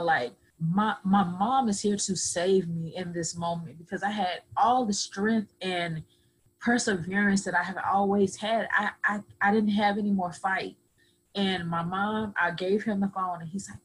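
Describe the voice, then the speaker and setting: A woman's voice: mid-range voice, fairly even intonation, normal speed, husky, low-quality recording. A woman guest on a podcast, telling her own story earnestly and acting out other people's words in dialogue. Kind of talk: personal storytelling.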